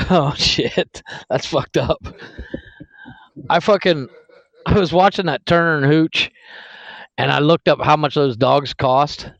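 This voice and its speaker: A man's voice: a little high, slow, pauses often, dry recording, poor audio. A man in his thirties co-hosting a podcast, joking crudely and laughing often. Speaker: podcast co-host. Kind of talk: casual crude banter.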